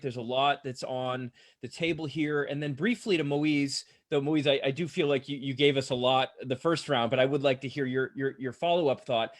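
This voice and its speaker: A man hosting and moderating a live online panel over a video call, talking in a halting way and often repeating words. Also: a little high. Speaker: host and moderator.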